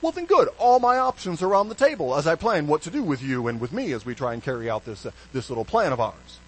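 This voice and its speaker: A man voicing a sly, flippant male pirate captain in a breezy, high sing-song manner. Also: big pitch swings, fast talker, slightly rough, poor audio.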